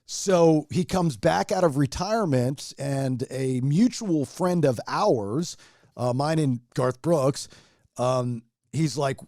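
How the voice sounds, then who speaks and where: Man, radio personality guest, heartfelt rambling story, mellow slightly high voice. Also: slow, no echo, studio quality. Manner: heartfelt, rambling, restarts, emotional. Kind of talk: casual storytelling chat.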